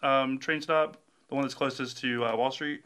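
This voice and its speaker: A man's voice: mid-range voice, moderate pace, clear, resonant tone. A man with a Southern accent, chatting casually and telling stories with energy. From Birmingham, Alabama. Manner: animated storyteller. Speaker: bartender, bar owner. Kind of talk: casual chat.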